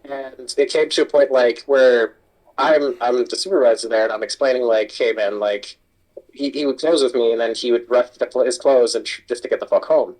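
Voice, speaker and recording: A man's voice: mid-range voice, fairly even intonation, normal speed, darkish tone, low-quality recording. A man, a kitchen supervisor, telling a work story in casual chat and swearing a lot. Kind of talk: casual chat while gaming.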